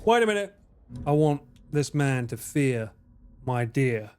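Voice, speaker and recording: A man's voice: mid-range voice, a little slow, music in the background. A man chatting casually to his live-stream audience while gaming, joking around and swearing freely. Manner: jokey, animated, swears freely.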